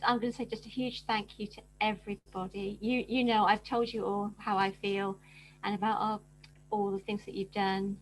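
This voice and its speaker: Emotional older woman, slightly high voice. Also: a little hiss or hum, rough recording. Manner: gushing, laughing between words. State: emotional, near tears.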